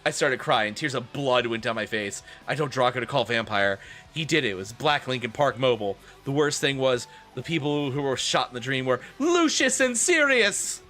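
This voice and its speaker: A man's voice: mid-range voice, animated, normal speed, pushed and bright. A man streaming a comedic dramatic reading, with sarcastic, swearing, laughing asides. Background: faint rock music.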